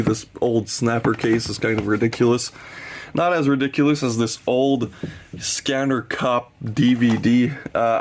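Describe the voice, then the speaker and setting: Gravelly casual guy in his twenties. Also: mid-range voice, slight background noise. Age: 20s. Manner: loose and jokey, many fillers. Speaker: horror collector showing his shelves. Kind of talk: casual rambling chat.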